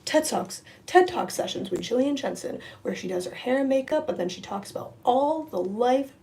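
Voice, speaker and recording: A woman's voice: high voice, animated, normal speed, creaky, dark tone. A young woman in a casual livestream at home, ranting frankly with lots of fillers and swearing while she does her makeup. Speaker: livestream host. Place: home room.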